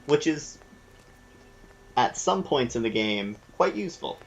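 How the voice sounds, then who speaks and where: A man's voice: medium pitch, sing-song, unhurried. A man hosting a gameplay video, chatting casually and explaining the game's mechanics as he thinks aloud. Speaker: let's play host.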